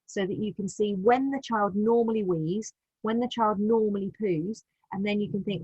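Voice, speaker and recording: A British woman patiently explaining practical advice in a live online session, with frequent restarts and a gentle manner. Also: mid-range voice, moderate pace, slightly rough, dry recording, highs cut off. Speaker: continence advisor.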